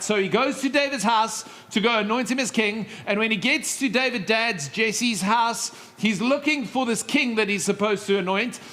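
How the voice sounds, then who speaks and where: A middle-aged male pastor preaching a sermon, telling stories with lively asides and humor. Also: high-pitched. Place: church stage.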